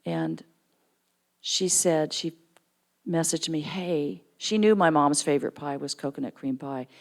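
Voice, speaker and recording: A middle-aged woman giving a storytelling sermon in church, jumping into lively character voices for quoted people. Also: measured pace. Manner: animated storyteller, acts out quoted voices with big pitch jumps. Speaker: guest speaker at church. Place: church sanctuary.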